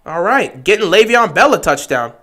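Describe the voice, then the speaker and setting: A young man hosting a livestream, giving excitable play-by-play reactions to football games that swing from shouting to muttering. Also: high voice, moderate pace. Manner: excitable, shouts at big plays then mutters. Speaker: livestream host. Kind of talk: live football watch-along commentary.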